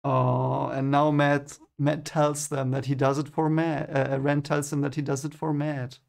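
A man's voice: on the high side, little pitch movement, unhurried, vocal fry. A young man giving first-time read-along commentary on a book, hesitant and repeating his words, often chuckling. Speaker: book reader reacting.

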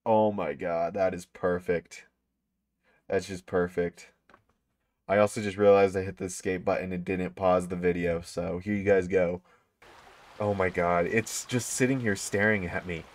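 A man giving casual commentary on his own gameplay, excitable and prone to bursts of delight. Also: low-pitched, a little slow, no room sound. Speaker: gaming YouTuber.

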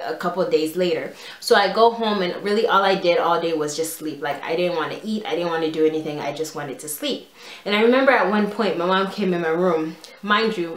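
A young woman telling a storytime vlog in a casual, animated way, full of "like" and quoted dialogue. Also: on the low side. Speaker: vlogger. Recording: echoey room.

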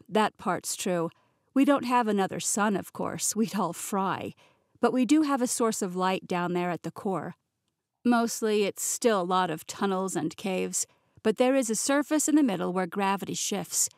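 Lady narrator doing a young guy king, joking around mostly, bossy when he needs to be, dry close mic, mid-pitched. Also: normal speed, no room sound, natural voice. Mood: playful. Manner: easygoing, turns stern and loud when giving orders. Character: young male interim king, playful but commanding. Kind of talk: audiobook character voice. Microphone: close studio mic, dry.

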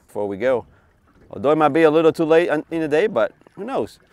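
A man filming his fishing trip on a small boat far offshore, talking casually and exclaiming loudly over each catch. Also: on the high side, sing-song, fast, dry recording. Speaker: fishing vlogger. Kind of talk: excited casual commentary.

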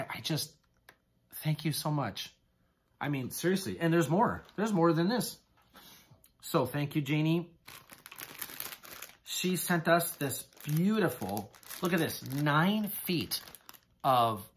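A man's voice: fairly high pitch, a bit bright. Gushing, effusive man vlogger. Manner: effusive, gushing thanks with halting restarts. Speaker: haul vlogger. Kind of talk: casual haul video chat.

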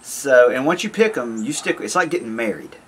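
A man's voice: a little high, sing-song, a little fast, gravelly, a bit bright, a little hiss or hum. A man talking casually to camera in a rambling, folksy way, repeating himself as he goes. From American South. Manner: rambling, folksy, self-interrupting. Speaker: YouTube vlogger.

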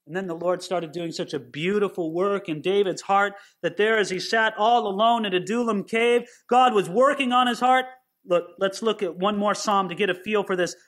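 A man's voice: sits high, moderate pace, fairly bright tone. A man giving a sermon-style Bible teaching, earnest and putting questions straight to his listeners.

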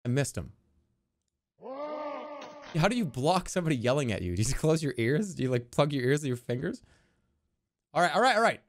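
Excitable jokey man streaming a game. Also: on the high side, fairly quick, pauses often. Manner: excitable, jokey, reads game text aloud. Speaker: streamer playing a video game. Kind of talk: casual gameplay commentary.

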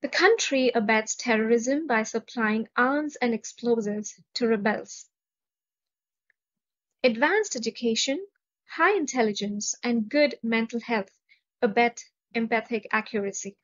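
A woman's voice: on the high side, measured pace. A woman with an Indian English accent teaching vocabulary, carefully pronouncing each word and reading example sentences. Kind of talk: slow, deliberate vocabulary lesson. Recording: dull lo-fi recording.

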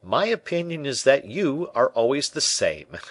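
A man voicing a shrewd, suspicious male musketeer with a lively, exclaiming manner. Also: medium pitch, unhurried, no echo, voice pushed up.

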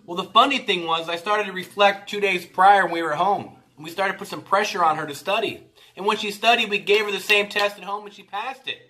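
An earnest man shares a motivational story about his family, pressing each point home with emphasis. His voice sits a little high and comes across bright and forceful. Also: fairly even intonation, fairly quick. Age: adult parent of a nine-year-old. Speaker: motivational speaker.

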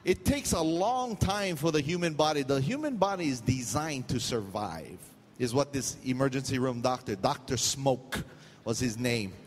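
A man's voice: mid-range voice, animated, moderate pace, big-room sound. A middle-aged man from Hawaii with a Hawaiian accent, preaching a sermon, telling stories with jokes and slipping into pidgin. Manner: storytelling, jokey, loose pidgin asides. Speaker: pastor.

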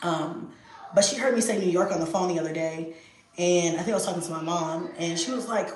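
A young adult woman chatting casually to her viewers, lively, swearing freely and acting out her kids' voices. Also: lowish voice, fairly quick. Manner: animated, acts out voices of her kids. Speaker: video host. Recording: echoey room.

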